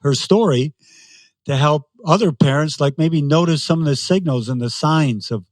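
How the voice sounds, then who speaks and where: A man's voice: on the high side, normal speed, no room sound. A man in his sixties, a guest in an interview, telling stories animatedly and laughing often. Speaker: guest, race announcer. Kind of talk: casual interview storytelling.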